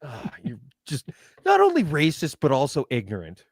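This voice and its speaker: A man's voice: fairly high pitch, wildly swooping pitch, normal speed, no echo, studio quality. A man hosting a casual news chat, reading headlines aloud and teasing his guest with sarcasm. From Alberta. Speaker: show host.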